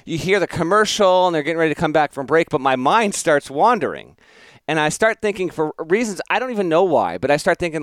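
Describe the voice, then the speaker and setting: A man telling a story on a podcast in a rambling, self-mocking way. His voice is smooth and a little high, recorded close and dry. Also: no echo. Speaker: podcast host. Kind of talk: casual storytelling chat.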